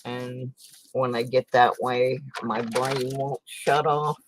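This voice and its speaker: A woman's voice: rumbling low, steady tone, takes it slowly, noisy background. A sleepless woman rambling in a folksy way as she sorts coins in her living room late at night, sighing and muttering little exclamations. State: tired and sleepless. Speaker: coin roll hunting vlogger. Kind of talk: late-night casual chat while searching coins.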